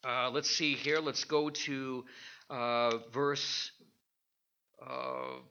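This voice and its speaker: A man teaching an informal Bible study, thinking aloud with halting restarts and rhetorical questions. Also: medium pitch, very animated, bright, forceful tone, clean tone, highs cut off.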